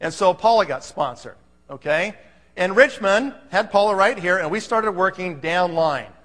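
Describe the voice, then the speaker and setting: A man's voice: high voice, lively intonation, normal speed, a bit bright, in a large hall. A man presenting at a business seminar, telling a story to a live audience in an emphatic, conversational way and often checking in with "okay?".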